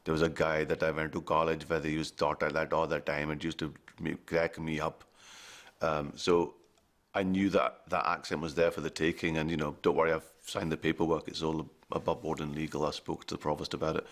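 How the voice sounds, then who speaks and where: A man's voice: a bass voice, little pitch movement, a little fast. A man in a documentary interview, wry and joking as he talks about his work.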